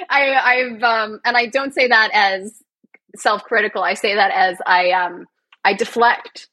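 A woman's voice: medium pitch, a little slow, pushed and bright. A woman from Canada, a guest on an interview podcast, chatting in a bubbly, self-deprecating way and laughing often. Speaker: guest, physiotherapist and actor. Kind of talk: casual interview chat.

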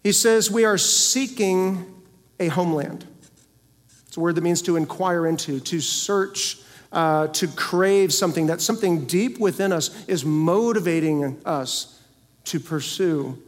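High-voiced man preaching in a hall. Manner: emphatic preaching with rising and falling intensity, rhetorical questions. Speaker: senior pastor. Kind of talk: sermon. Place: church sanctuary. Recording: long church hall reverb.

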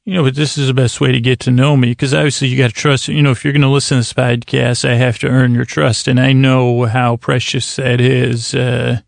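A man hosting a sleep podcast, giving a meandering, self-deprecating late-night intro in creaky, dulcet tones, speaking close and personally to the listener. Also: medium pitch, level tone, fairly quick, few pauses, dry recording.

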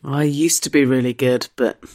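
A woman's voice: rumbling low, fairly even intonation, moderate pace, darkish tone, no room sound, studio quality. A woman co-hosting a comedy podcast in casual chat, wry and understated, recorded remotely. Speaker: comedian co-host.

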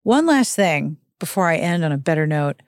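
A woman hosting a casual book-recap show, talking in a wry, exasperated way with sudden jumps in pitch. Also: very animated, normal speed, darkish tone, no echo, clean studio sound. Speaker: podcast host recapping a book.

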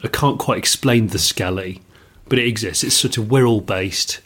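A man's voice: lowish voice, moderate pace, a bit bright, slightly rough. A middle-aged man from England co-hosting a podcast, talking enthusiastically in rambling casual chat. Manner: rambling, enthusiastic, many restarts. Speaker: podcast co-host.

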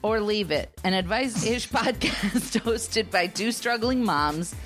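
A woman's voice: mid-range voice, lively intonation, slow pace, fairly bright tone, faint music behind. A mother co-hosting a podcast, teasing her partner and laughing easily. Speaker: podcast co-host. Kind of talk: casual chat.

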